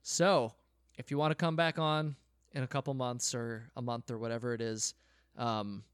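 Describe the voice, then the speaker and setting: A man's voice: medium pitch, flat delivery, moderate pace, smooth, no room sound, studio quality. A man hosting a podcast who chats in an easygoing way, laughs along with his guest and wraps up the episode. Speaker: podcast host. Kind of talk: casual interview chat.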